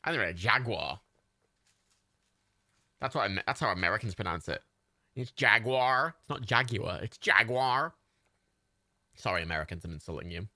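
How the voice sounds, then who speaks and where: A man's voice: sits low, expressive, fairly quick, creaky, long pauses, bright, forceful tone, no echo, studio quality. A man hosting a livestream, giving joking, swearing running commentary while watching a film. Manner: joking, swearing, chatty asides. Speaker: livestream host.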